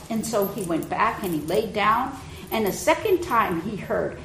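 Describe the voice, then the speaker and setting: A woman preacher retelling a scripture story in a gentle, unhurried way, her loudness often dipping soft. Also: a little high, expressive, a little hiss or hum. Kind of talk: sermon storytelling. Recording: echoey room.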